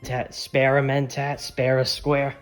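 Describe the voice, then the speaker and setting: A man putting on a gravelly, ghoulish voice of a game character begging for drugs. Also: mid-range voice, monotone, slow, soft background music, close to an everyday voice. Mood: wheedling.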